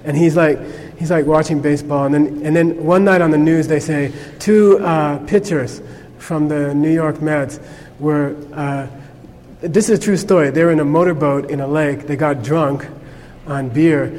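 A man's voice: on the high side, fairly even intonation, normal speed, a little mellow, big-room sound. A man teaching a Buddhist class in a conversational way, checking in with his listeners with frequent "okay?". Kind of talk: informal class lecture.

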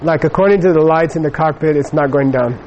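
A man's voice: on the high side, fast, a little mellow, highs cut off, a little hiss or hum. A middle-aged man giving a Buddhist teaching, telling a personal story in a rambling way with many fillers. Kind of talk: dharma talk with personal anecdote.

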